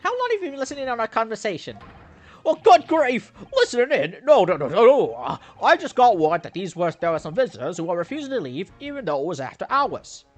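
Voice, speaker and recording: A game player voicing a flustered, fawning police inspector who talks in a high, excitable squawk and gushes over-polite farewells. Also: fast talker, hardly any pauses, soft background music.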